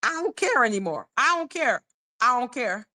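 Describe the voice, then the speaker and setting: A woman's voice: a little high, very animated, moderate pace, sharp tone. A woman hosting a casual live-stream commentary, blunt and irritated, sounding condescending, swearing and repeating herself.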